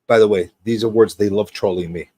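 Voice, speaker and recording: A man's voice: fairly low pitch, steady tone, fairly quick, warm tone, dry recording. A man hosting a casual livestream chat, greeting viewers one by one with a rambling, teasing, joking manner. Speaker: host.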